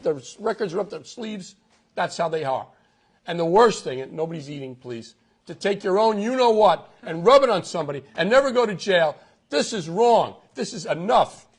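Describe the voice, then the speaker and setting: A man's voice: high-pitched, breathy edge. A middle-aged man with a New York accent giving a punchy campaign announcement speech, repeating lines for effect. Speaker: political candidate. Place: outdoors at a golf club event. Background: crowd.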